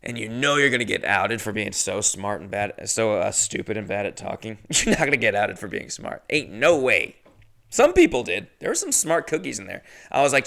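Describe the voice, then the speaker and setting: Gravelly man telling a rambling story. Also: lowish voice, big pitch swings, normal speed, fairly bright tone. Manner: profane, rambling and jokey. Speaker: podcast host telling a story. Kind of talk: casual storytelling.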